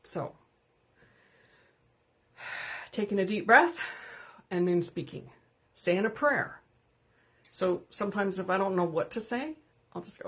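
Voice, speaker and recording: A woman's voice: medium pitch, expressive, unhurried, pauses often. A woman hosting an unscripted live stream, talking candidly and greeting viewers by name as she goes. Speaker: livestream host.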